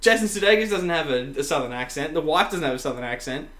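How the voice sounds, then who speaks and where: A chatty man with a fairly high, very animated voice. He rambles through his thoughts, laughs a lot and swears casually as he co-hosts a relaxed chat. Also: fast talker, echoey room. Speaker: podcast co-host.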